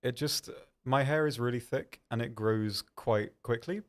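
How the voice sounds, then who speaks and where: A young man hosting a live stream reads viewer questions from chat aloud and answers them casually, with frequent ums and self-deprecating asides. His voice is mid-range and his pace a little slow.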